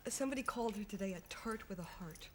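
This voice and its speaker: Young american actress on a tv chat show, giggly, tells stories all animated. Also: female voice, mid-range voice, fast talker, slight background noise. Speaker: film actress guest. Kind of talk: studio chat show interview. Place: television studio.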